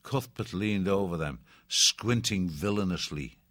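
A man reading an adventure story aloud as an audiobook narrator, measured and expressive. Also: deep voice, no room sound, studio quality.

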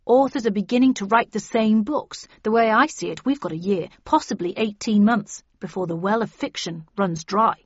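An earnest male official in an audiobook lays out his case in a steady, lecturing way, voiced by a woman narrator. The recording is dry and a little dull, with no room sound. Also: medium pitch, moderate pace, hardly any pauses, husky, dry recording, close to an everyday voice. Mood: explaining. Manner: earnest, explanatory. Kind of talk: audiobook character reading.

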